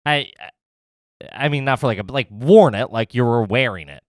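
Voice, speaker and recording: A man's voice: medium pitch, normal speed, no room sound, clean studio sound. A man in his thirties hosting a podcast, rambling through casual chat with lots of fillers and laughs. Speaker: podcast host.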